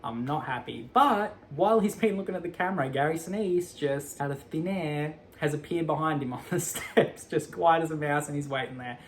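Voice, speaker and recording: Animated man recapping a film. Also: fairly high pitch, fairly quick, hardly any pauses, slight background noise. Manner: animated, acts out characters' lines. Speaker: movie recap commentator.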